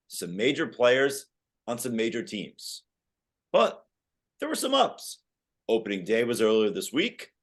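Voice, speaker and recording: Young male sports podcast host, animated and questioning. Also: medium pitch. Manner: lively, quizzing his co-host. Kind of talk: casual sports chat.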